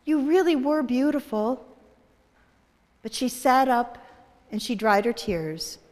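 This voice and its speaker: Woman minister, storytelling, slow and expressive, reverberant hall. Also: mid-range voice. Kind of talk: storytelling in a worship service. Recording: echoey hall.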